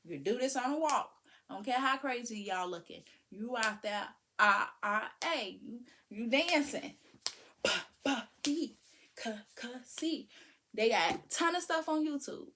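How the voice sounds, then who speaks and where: A woman giving casual, animated parenting advice, breaking into sing-song sounds. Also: a little high, normal speed, a little hiss or hum. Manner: animated, preachy, sings and vocalizes to demonstrate. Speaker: parenting vlogger.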